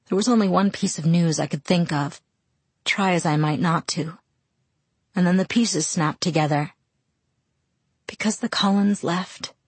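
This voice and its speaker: A woman with a slightly low, husky voice narrates a first-person novel. Her reading is quiet, measured and somber. The recording is dry and close to the mic. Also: dry recording. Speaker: audiobook narrator.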